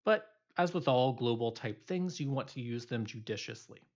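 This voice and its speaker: A man's voice: medium pitch, animated, moderate pace, darkish tone, dull audio. A male instructor giving a recorded programming lecture, explaining loosely with many fillers and restarts.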